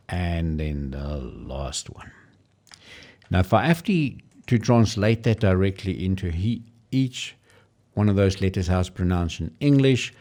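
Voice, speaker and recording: Low-voiced man explaining pronunciation. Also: warm tone. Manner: explanatory, pausing to demonstrate pronunciations. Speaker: language tutorial presenter. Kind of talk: casual screen-share tutorial.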